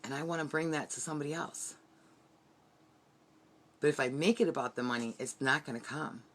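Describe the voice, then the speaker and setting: A woman's voice: deep voice, fairly quick, fairly bright tone. A woman giving an earnest, heartfelt motivational team training from her bedroom. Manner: earnest, heartfelt, repetitive pep-talk.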